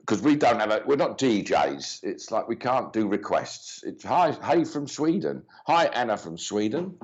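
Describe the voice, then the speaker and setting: This man runs a live mediumship reading stream, where he greets viewers by name and drifts through loose, filler-heavy talk. He speaks a little slowly in a mid-range voice with big swings in pitch, and the stream audio is dull and lo-fi.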